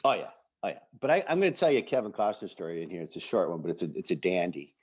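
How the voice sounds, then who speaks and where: A man's voice: low voice, big pitch swings, rapid-fire, darkish tone, breathy edge. A man co-hosting a casual podcast chat, enthusiastic and acting out quoted lines of dialogue. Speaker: podcast co-host.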